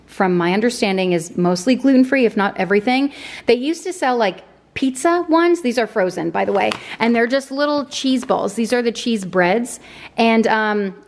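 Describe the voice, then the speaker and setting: A woman in her thirties, a mom chatting casually through a grocery haul, rambling with self-deprecating asides. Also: medium pitch.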